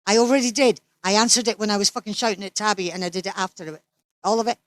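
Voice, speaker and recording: A woman's voice: medium pitch, racing. A Scottish woman in her sixties, an interview guest who talks bluntly and swears freely, as if ranting in casual chat. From Scotland.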